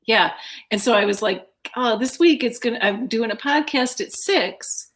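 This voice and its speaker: A woman's voice: fairly high pitch, normal speed, fairly bright tone. Tipsy, giggly Minnesotan woman. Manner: giggly and loose. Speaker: comedian guest. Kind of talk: casual interview chat.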